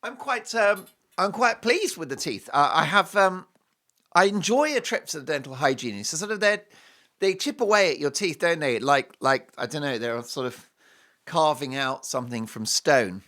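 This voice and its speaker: This middle-aged British host speaks with a British accent in a slightly high, sharp, expressive voice at a moderate pace. His talk-show monologue is opinionated and full of mocking jokes.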